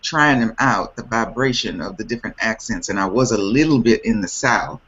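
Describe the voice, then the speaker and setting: A woman hosting a casual group video chat, animated and laughing often, with many restarts. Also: very deep voice, brisk, muffled recording. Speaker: host. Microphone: video call.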